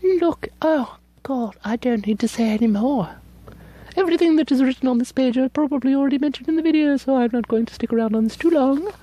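High, mellow-voiced woman gushing over ink. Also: fairly quick, low-quality recording. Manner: gushing and playful, drifts into hushed whispers. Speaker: ink reviewer. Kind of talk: casual review chat.

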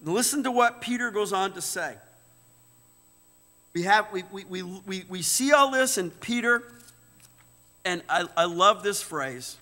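Male pastor, high bright voice, emphatic sermon delivery, long church reverb. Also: expressive, measured pace, pauses often. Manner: emphatic, repeats words, asks "right?". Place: church sanctuary.

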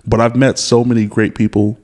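A man's voice: medium pitch, brisk. A man hosting a podcast, chatting casually and keeping his replies short and agreeable. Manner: relaxed, brief agreeing replies. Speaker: podcast host. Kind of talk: casual chat.

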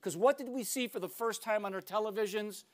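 Older man, high voice, emphatic lecture delivery with dramatic pauses. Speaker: speaker.

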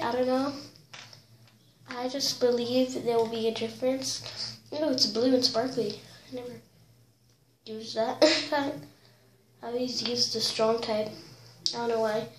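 A woman's voice: on the high side, fairly even intonation, measured pace, long pauses. A young woman casually filming a craft tutorial, giggling, unsure of herself and often saying sorry. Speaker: vlogger. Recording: echoey room with loud noise.

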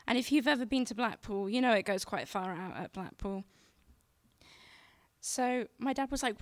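Excitable woman storyteller, dry sound. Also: medium pitch, normal speed, dry recording. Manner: excitable, repeats herself, plain and direct. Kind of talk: live personal storytelling. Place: stage before a live audience.

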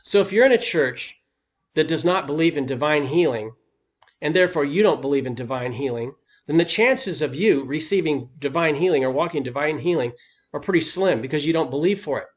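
Man, pastor, sermon, emphatic preaching, slightly high voice. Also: lively intonation, fairly quick. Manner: emphatic preaching, voice lifting on key points.

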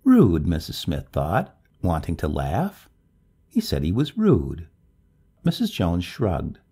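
A low man's voice, gravelly and husky, reads a scripted story aloud in a measured, expressive way. His tone is dark and mellow, and his pitch ranges very widely.

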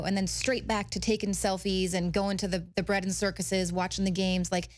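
A woman's voice: mid-range voice, flat delivery, moderate pace, hardly any pauses, darkish tone, dry recording. A woman co-hosting a heated political talk show, speaking in an indignant, emphatic way. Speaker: co-host.

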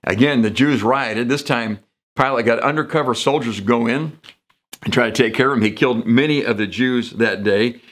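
A man's voice: medium pitch, normal speed, a bit bright. Man preaching a casual conversational sermon. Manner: conversational, jumps into quoted voices for emphasis. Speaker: pastor. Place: church sanctuary.

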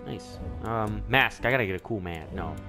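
A young man giving let's-play commentary, excitable and joking, often yelling and reacting loudly. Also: lowish voice, normal speed, vocal fry, over music. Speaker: gaming YouTuber.

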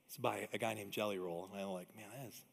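A middle-aged man preaching a sermon in a church, emphatic and energetic, with quick conversational asides. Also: lowish voice, vocal fry. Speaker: pastor. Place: church auditorium. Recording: long reverb of a large hall.

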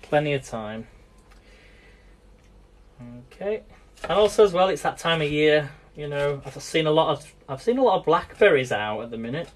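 A man's voice: fairly high pitch, big pitch swings, normal speed, pauses often. British guy rambling thru a live cooking demo, chatty, keeps saying guys. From Britain. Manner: chatty and rambling, often addresses viewers as guys. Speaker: cooking livestream host.

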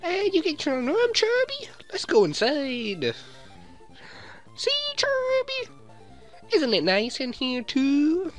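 A man doing a high falsetto voice for a sweet, doting mother while reading game dialogue aloud. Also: wildly swooping pitch, slow, pauses often, soft background music, heavily acted. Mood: cooing. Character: sweet doting mother, middle-aged woman.

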